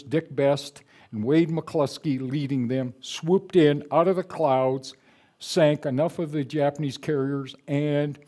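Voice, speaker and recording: A man's voice: medium pitch, warm tone. An older man, an author, giving a public book talk to a live audience in a conversational, digressive storytelling way.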